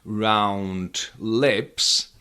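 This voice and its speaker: A man teaching pronunciation, slowly demonstrating sounds and repeating example words for learners to copy. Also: on the low side, steady tone, bright, forceful tone, clear, resonant tone. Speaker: language teacher. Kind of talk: pronunciation lesson.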